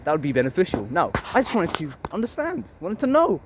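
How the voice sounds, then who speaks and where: High-voiced man musing aloud. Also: wildly swooping pitch, fast, noisy background. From Harlow, Essex, England. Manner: rambling, musing, swears freely. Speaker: vlogger. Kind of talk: casual philosophical monologue.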